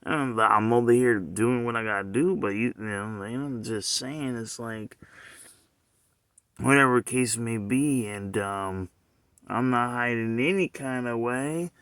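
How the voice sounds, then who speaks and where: A man's voice: mid-range voice, a little slow, fairly bright tone, smooth, no echo, studio quality. A man talking straight to the camera in a loose, rambling monologue, circling back again and again with rhetorical questions and "you know what I'm saying.".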